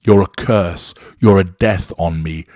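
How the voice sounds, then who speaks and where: A man's voice: sits low, measured pace, darkish tone, no room sound, clean studio sound. A man reading out a sneering, entitled abuser. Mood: contemptuous. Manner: sarcastic, belittling.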